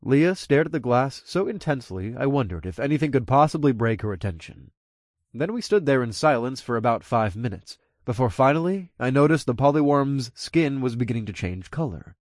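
A man's voice: mid-range voice, expressive, brisk, dry recording, clean studio sound. A man narrating an audiobook in the first person, telling the story expressively.

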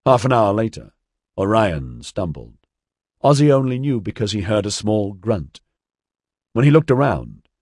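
A man narrating a story in a measured, expressive reading. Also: low-pitched, slightly rough, dry recording, clean studio sound. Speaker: audiobook narrator. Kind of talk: scripted narration.

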